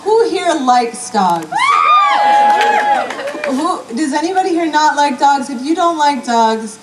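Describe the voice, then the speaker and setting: High-voiced woman performing spoken word poetry. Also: lively intonation, slow pace, over a noisy crowd. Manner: chatty banter, then rhythmic, wry poetic delivery. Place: university event hall with an audience. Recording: echoey, distant audience recording with noise.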